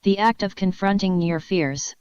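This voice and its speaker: Woman narrating a crude comedic story, very clear. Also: mid-range voice, normal speed, darkish tone, dry recording. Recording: dull lo-fi dry recording.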